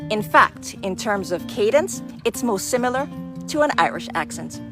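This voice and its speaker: A woman's voice: medium pitch, lively intonation, normal speed, pushed and bright, faint music behind. A woman delivering an emphatic, lecturing monologue to camera. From Jamaica. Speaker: social media commentator.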